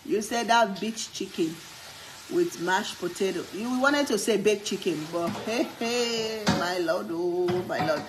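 A woman's voice: medium pitch, slow pace, echoey room, noisy background. A woman hosting a cooking livestream, chatting playfully with viewers and laughing often. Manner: playful, laughs a lot, reads comments aloud. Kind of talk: casual live-stream chat.

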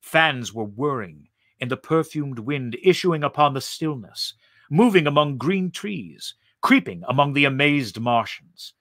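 A man reading a story aloud in a slow, expressive, vivid way. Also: fairly high pitch, dry recording, clean studio sound.

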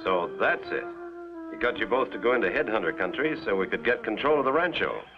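A man voicing a steady adult adventure hero with a brisk, commanding manner, on a lo-fi 1950s cartoon soundtrack. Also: on the low side, over music.

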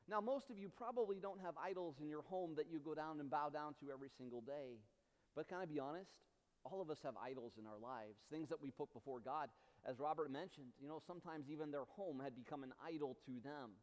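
A man preaching a sermon as pastor, impassioned, swinging between loud slow emphatic lines and soft quiet drops. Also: a little high. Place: church sanctuary. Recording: reverberant church hall.

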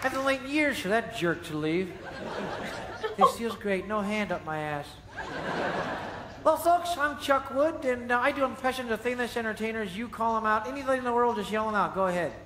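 A man's voice: very high-pitched, expressive, normal speed, sharp tone, some chatter behind, heavily acted. A man voicing a cocky, wisecracking male wooden dummy in a ventriloquist stage act. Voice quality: brash, insulting. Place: large theater stage. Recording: echoey live theater with audience.

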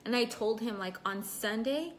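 A woman's voice: a little high, moderate pace, a little hiss or hum. A young woman chatting casually on a livestream, reading out and answering viewer comments between bits of her story, laughing often.

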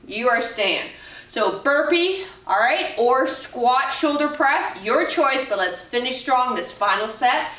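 A woman's voice: high-pitched, lively intonation, slow, pushed and bright, a little hiss or hum. A woman in her forties leading a dumbbell workout, chatting casually, laughing often and swearing now and then. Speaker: fitness trainer. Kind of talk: workout instruction with casual chat. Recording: roomy echo, voice from a distance.

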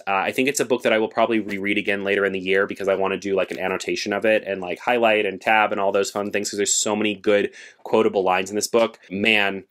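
A man chatting casually about books he read this month, expressive and full of fillers, with lively jumps in pitch when he gets excited. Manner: frequent fillers like "like" and restarts. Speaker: book vlogger. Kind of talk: casual book review chat.

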